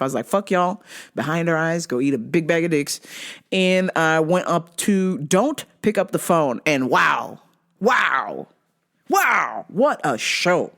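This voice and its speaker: A woman hosting a show, ranting in a casual, comic way with lots of swearing, high shrieking laughter and acted-out quotes. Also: creaky. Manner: profane, animated, bursts into high shrieking laughter; acts out voices in quoted asides. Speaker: podcast host. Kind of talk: casual comedic rant.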